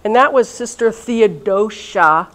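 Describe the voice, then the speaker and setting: A woman, a religious sister, leading a reunion session in a chatty, lively way and talking straight to her audience. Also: medium pitch, a little slow, low-quality recording. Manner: chatty and lively, talks directly to listeners. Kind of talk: informal talk to a live audience. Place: college event room.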